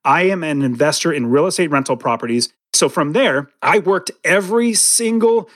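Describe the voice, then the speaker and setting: Higher-pitched man telling a dramatic story. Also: lively intonation, normal speed, fairly bright tone, no echo. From California. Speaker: podcast guest, real estate investor. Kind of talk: storytelling interview answer.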